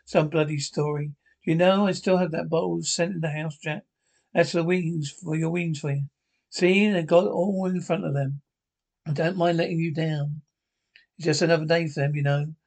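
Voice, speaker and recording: A man's voice: on the high side, steady tone, moderate pace, creaky, a little mellow. An actor playing a lonely Scottish man in his seventies, rambling wistfully about a son who let him down, in a sitcom. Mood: rueful. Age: 70s. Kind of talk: sitcom acting.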